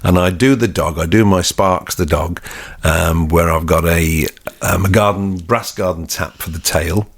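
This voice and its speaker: A man co-hosting a casual podcast chat, animated and chatty, laughing often. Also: sits low, unhurried, hardly any pauses, breathy edge. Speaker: podcast co-host, artist.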